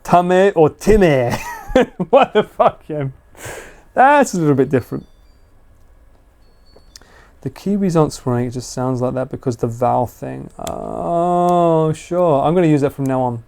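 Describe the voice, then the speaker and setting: A man's voice: medium pitch, lively intonation, normal speed, vocal fry, long pauses, a little mellow. A man casually chatting with viewers during a live stream, joking and laughing often. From United Kingdom. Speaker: livestreamer. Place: house.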